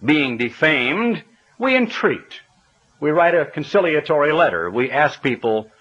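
A man's voice: mid-range voice, fairly bright tone, slightly rough, lo-fi sound. A man preaching a sermon, emphatic and full of rhetorical questions, sometimes spelling words out letter by letter.

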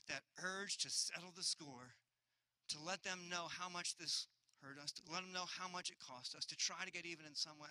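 A man in his thirties preaches with earnest, building repetition and a fairly high, very bright voice. The sound is close and dry, with no room around it. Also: dry recording, poor audio. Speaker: pastor. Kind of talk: sermon.

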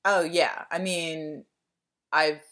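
A woman's voice: low-pitched, fairly even intonation, drawn-out words, a bit bright. A woman, co-hosting a podcast in casual, rambling chat full of fillers and swearing. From Delaware County, Pennsylvania. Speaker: podcast co-host.

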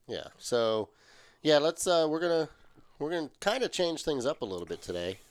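A man's voice: on the high side, very animated, normal speed, no echo. A man hosting a casual sports podcast, trading easygoing, joking banter with his brother. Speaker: podcast host.

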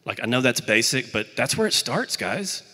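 A man's voice: medium pitch, sing-song, moderate pace, pushed and bright, big-room sound. A young man from the Birmingham, Alabama area preaching a sermon in a conversational, self-deprecating way.

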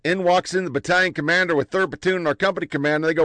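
A man telling army stories in a blunt, profane, animated way. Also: a little high, very fast, no echo. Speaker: army veteran recounting stories. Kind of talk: profane casual storytelling.

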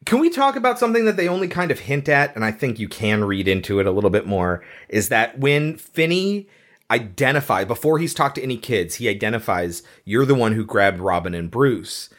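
Lively-voiced man reviewing a film. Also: mid-range voice, fairly quick. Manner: conversational, quotes film lines, laughs easily. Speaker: podcast host. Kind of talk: casual film review chat.

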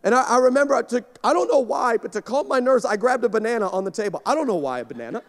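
A man preaching from the pulpit in a big church, his raised, bright voice carrying through a long, ringing reverb. He tells stories with energy and repeats himself as he presses his points. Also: very high-pitched, fast. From Texas. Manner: energetic, storytelling, repeats words when excited. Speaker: guest pastor. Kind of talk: sermon. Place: large church sanctuary.

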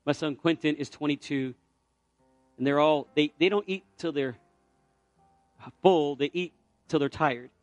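In a church sanctuary, a middle-aged male pastor with a fairly high voice tells a personal story, then builds to a fervent altar call, shifting between relaxed storytelling and passionate exhortation. He's unhurried and pauses often. The mic is close and dry with no room sound, and soft music plays underneath.

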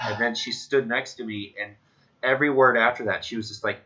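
A man in casual chat, telling stories with wry, deadpan jokes. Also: medium pitch, fairly quick. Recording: dull lo-fi recording.

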